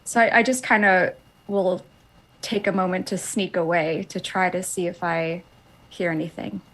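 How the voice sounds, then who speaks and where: A woman's voice: lowish voice, steady tone, moderate pace, a bit bright. A woman playing a tabletop game, talking in a thoughtful, tentative way. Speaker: player. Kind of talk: casual tabletop play.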